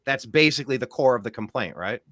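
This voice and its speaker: Guy hosting a political talk show, bright edgy voice, super dry close mic, ranting and sarcastic. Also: medium pitch, expressive, fast, no echo. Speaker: host.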